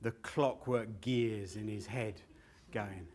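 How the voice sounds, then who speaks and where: At a live show, a male stand-up comedian tells a long, rambling story, swearing freely and often laughing at himself. His voice is lowish and a little mellow, and he speaks slowly.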